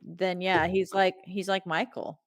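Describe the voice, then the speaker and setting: A woman with a lowish voice chats through a movie recap on a podcast, filling her sentences with "like" and "um". The sound is dry and close, with no room around her. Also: level tone, measured pace, no echo. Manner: chatty, many fillers, acts out quotes. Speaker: podcast co-host. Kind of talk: casual movie recap chat.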